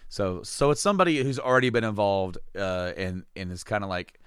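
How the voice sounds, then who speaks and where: A man's voice: on the low side, lively intonation, brisk, fairly bright tone, smooth, dry recording, clean studio sound. A man co-hosting a casual chat, rambling with many restarts and casual swearing.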